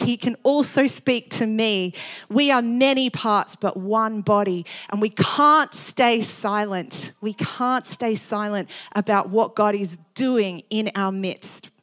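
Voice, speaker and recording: A woman preaching a sermon with fervent, fast-paced delivery that rises to bursts of exclamation. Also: on the high side.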